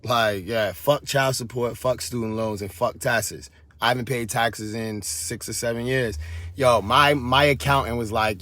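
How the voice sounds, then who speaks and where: A man's voice: medium pitch, a little slow, bright, forceful tone, no echo. A man in his thirties giving a heated, profane monologue, swearing and preaching at the listener. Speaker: vlogger. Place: San Francisco Bay Area.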